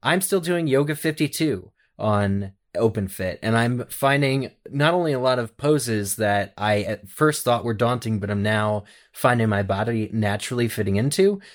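A man's voice: mid-range voice, moderate pace, hardly any pauses. A man co-hosting a podcast, chatting casually and reading a sponsor ad in an upbeat way. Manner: lively, upbeat, reads sponsor copy. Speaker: podcast co-host. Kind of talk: casual podcast chat and ad read.

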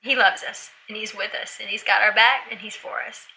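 A middle-aged woman, a podcast guest, telling an emotional story in casual conversation and jumping higher in pitch when she quotes others. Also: steady tone, brisk, sharp tone, a little hiss or hum, low-quality recording.

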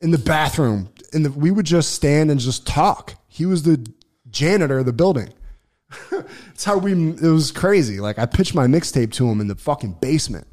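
A man telling a long personal story on a casual podcast, swearing freely, restarting sentences and getting loud when excited. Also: a little high, normal speed. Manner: profane, rambling, lots of restarts and fillers; gets loud and excited when reliving events. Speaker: podcast co-host.

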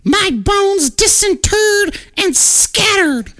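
A man voicing a taunting female witch spirit in a loud, shrill, cackling voice during podcast storytelling. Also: animated, drawn-out words, exaggerated voice. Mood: eerie.

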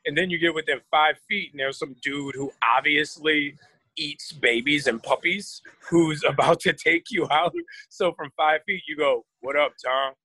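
Lively husky-voiced man in his forties. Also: fairly high pitch, moderate pace, no echo, low-quality recording. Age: 40s. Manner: lively storyteller, puts on voices for anecdotes. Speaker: actor guest. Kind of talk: casual interview chat.

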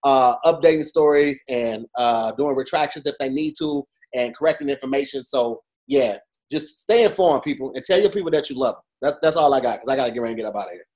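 A man's voice: mid-range voice, fast, few pauses. Guy co-hosting a podcast, fired up, lots of likes and bros. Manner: animated, emphatic, frequent fillers. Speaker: podcast co-host. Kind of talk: casual chat.

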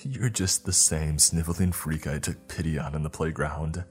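A man's voice: rumbling low, steady tone, normal speed, a little mellow, faint music behind. A man voicing a frail young male captive who pleads and then taunts his captor, with a raised, strained voice. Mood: taunting. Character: broken, desperate young man prisoner.

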